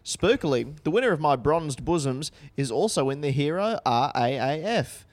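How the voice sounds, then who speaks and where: A man's voice: fairly high pitch, lively intonation, moderate pace. A man in his thirties co-hosting a podcast, reading a magazine aloud in a dry, playful way. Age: 30s. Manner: dry, playful, reads in mock tones. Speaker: podcast co-host. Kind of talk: casual chat, reading aloud.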